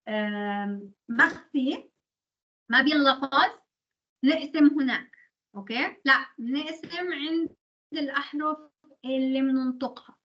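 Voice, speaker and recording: A university lecturer in English translation, a woman whose first language is Arabic, speaks in a high, slightly bright voice on a muffled recording. She switches between English and Arabic while explaining rules step by step.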